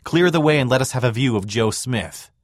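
Brief: male reader as a loud, scornful soldier in a mob. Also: medium pitch, lively intonation, brisk, no echo, clean studio sound, lightly acted. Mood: jeering. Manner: yelling and scornful. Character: rowdy jeering soldier, grown man.

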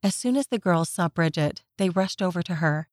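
A woman narrating a children's story in a gentle, measured scripted reading. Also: lowish voice, lively intonation, no echo.

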